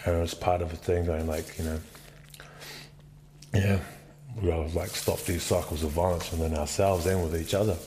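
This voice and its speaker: Deep-voiced candid man in his forties. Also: steady tone, normal speed, long pauses, mellow, a little hiss or hum. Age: 40s. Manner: candid, swears freely, rambling with many "like"s. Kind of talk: casual podcast conversation.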